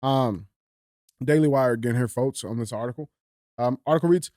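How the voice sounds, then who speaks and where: A man's voice: medium pitch, moderate pace, pauses often, no room sound, clean studio sound. A man co-hosting a podcast, chatting casually and reading news headlines aloud. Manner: relaxed, chatty, fillers between read-out lines. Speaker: podcast co-host.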